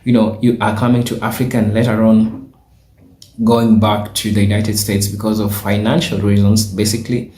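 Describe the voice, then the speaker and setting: A man hosting a channel, introducing a video to viewers in a measured way. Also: fairly low pitch, little pitch movement, dark tone. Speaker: channel host. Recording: echoey room.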